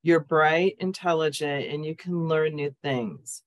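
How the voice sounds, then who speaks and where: Slow, deliberate affirmation reading. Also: medium pitch. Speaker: cast member.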